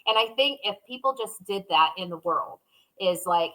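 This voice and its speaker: A woman co-hosting a casual podcast, her voice bright and forward. She talks openly and emotionally, often acting out her inner thoughts as quoted voices. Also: mid-range voice, lively intonation, moderate pace, poor audio. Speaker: podcast co-host. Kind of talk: casual conversation.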